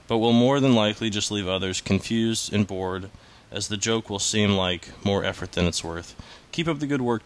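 A man's voice: on the low side, a bit bright. A man co-hosting a podcast, chatting casually and teasing his partner in a dry way. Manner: dry, teasing, laughs often. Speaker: podcast co-host. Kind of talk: casual chat.

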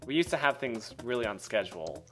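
A man's voice: mid-range voice, big pitch swings, fairly quick, a bit bright, soft background music. A young man, a webcomic artist, in casual podcast banter, rambling and joking at his own expense. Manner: joking, rambling, self-mocking with frequent laughs.

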